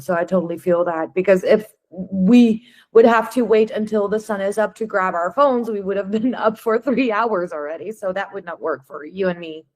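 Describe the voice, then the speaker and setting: A woman's voice: lowish voice, a little mellow. A woman hosting a podcast interview. She asks curious, thoughtful questions in a casual way and sometimes restarts her sentences. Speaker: podcast host.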